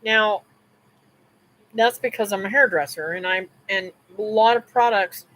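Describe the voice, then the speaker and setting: A woman's voice: medium pitch, measured pace, a bit bright, low-quality recording. A woman hosting a live stream, telling a personal story in a casual, rambling way with restarts, asides to viewers and religious remarks.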